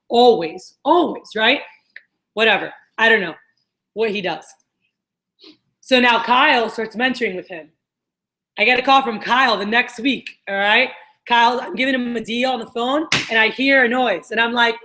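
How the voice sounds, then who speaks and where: A woman sales trainer telling stories to a group, acting out quotes in an animated way. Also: fairly high pitch, brisk. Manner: animated storyteller, acts out quotes. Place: meeting room with a group. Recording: echoey meeting room.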